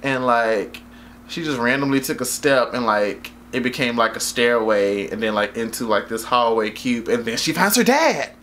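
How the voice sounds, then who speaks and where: A man's voice: medium pitch, lively intonation, moderate pace, fairly bright tone, slight background noise. Young man, casual movie recap, slangy, profane, rambling with lots of "like", laughs at his own jokes. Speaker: vlogger reviewing a movie.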